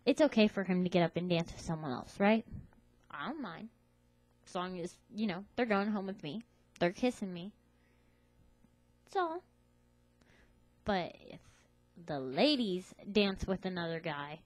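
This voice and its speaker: A young woman ranting casually to camera, sassy and animated, acting out the voices of people she quotes. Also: mid-range voice, moderate pace, no echo, poor audio. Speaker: vlogger.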